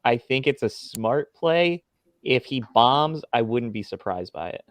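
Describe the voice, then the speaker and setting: A man's voice: mid-range voice, lively intonation, unhurried, no echo. A man co-hosting a casual fantasy football podcast over a remote call, giving confident, opinionated takes. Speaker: podcast co-host.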